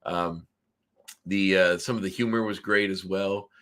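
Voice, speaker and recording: A man's voice: deep voice, steady tone, measured pace, fairly bright tone. A man from Nova Scotia co-hosting a casual review podcast, rambling with many ums and restarts. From Canada, Nova Scotia. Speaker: podcast co-host.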